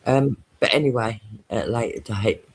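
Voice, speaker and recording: A woman's voice: rumbling low, normal speed, a little hiss or hum. Woman telling a crude laughing story. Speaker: podcast host telling a story. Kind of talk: casual chat.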